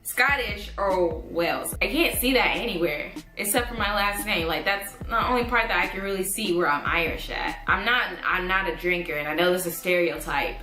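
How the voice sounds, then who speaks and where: A woman's voice: fairly low pitch, moderate pace, few pauses, pushed and bright, roomy sound, soft background music. A woman in her twenties vlogging casually to camera, rambling and thinking aloud with lots of fillers. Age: 20s.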